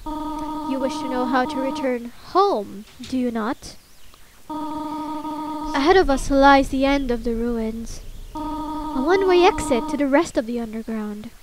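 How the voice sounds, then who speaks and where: A woman voicing a motherly female goat monster, stern and protective, reading her lines slowly and solemnly. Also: high-pitched, background noise. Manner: slow, measured, solemn delivery. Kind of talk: reading game dialogue aloud. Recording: game music in background. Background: video game music.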